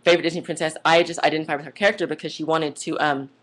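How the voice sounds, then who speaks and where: A woman's voice: low voice, fairly even intonation, rapid-fire, fairly bright tone. Young woman, vlogger, rambling, gushing, says like a lot, casual monologue. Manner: rambling, chatty, goes off on tangents.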